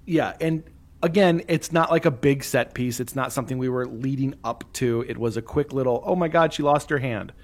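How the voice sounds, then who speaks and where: A man's voice: medium pitch, normal speed. A man co-hosting a casual movie-review chat, adding jokes and comments with lots of fillers. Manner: animated joking commentary with fillers. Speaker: podcast co-host.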